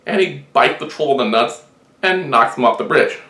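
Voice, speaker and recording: A man tells a long shaggy-dog joke in a deadpan storytelling manner. His voice sits at a middle pitch. The room adds a roomy echo. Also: normal speed. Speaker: joke teller.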